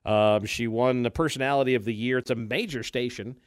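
A middle-aged man hosting a talk radio show in casual chat, halting with many restarts and fillers and frequent laughs. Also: medium pitch, fairly even intonation, no echo, clean studio sound.

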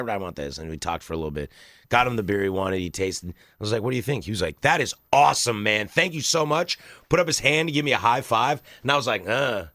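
Lively low-voiced man telling stories. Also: dry recording, clean studio sound. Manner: animated storytelling, acting out customers. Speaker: podcast co-host, bartender. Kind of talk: casual chat.

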